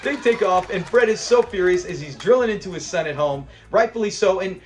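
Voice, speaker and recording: A man's voice: high-pitched, expressive, brisk, slight background noise. A man hosting a casual breakdown of a classic sitcom episode, chatty and enthusiastic, often laughing as he recaps scenes. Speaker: show review host.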